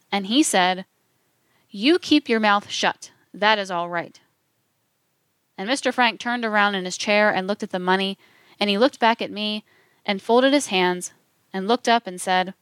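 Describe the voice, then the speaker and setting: Smooth-voiced woman reading testimony aloud. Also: medium pitch, fairly bright tone, no echo. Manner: measured reading that speaks the quote marks aloud. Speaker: narrator. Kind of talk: scripted narration reading historical testimony.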